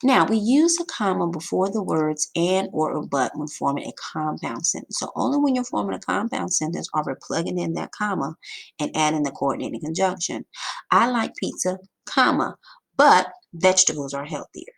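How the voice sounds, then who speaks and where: A woman teaching a grammar lesson over slides, emphatic and lively, with sudden jumps in pitch. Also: normal speed, gravelly, husky.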